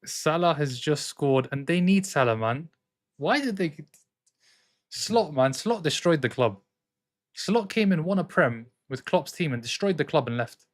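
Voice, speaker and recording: Brief: male streamer, slightly high voice, excitable live football reaction, trades banter with chat. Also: measured pace. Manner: excitable, jumps between commentary and arguing with chat. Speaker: streamer hosting a football watchalong.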